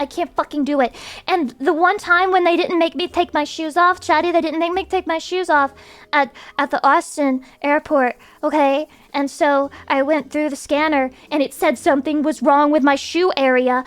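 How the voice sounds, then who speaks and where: A woman's voice: sits high, moderate pace. A woman streamer chatting casually with her viewers in a profane, rambling rant.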